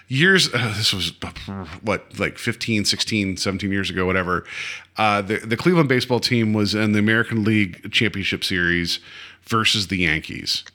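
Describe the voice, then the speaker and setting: A man's voice: lowish voice, normal speed, pushed and bright. A man co-hosting a podcast, tipsy from drinking, rambling through a story with lots of fillers and self-corrections. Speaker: podcast co-host. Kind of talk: casual chat.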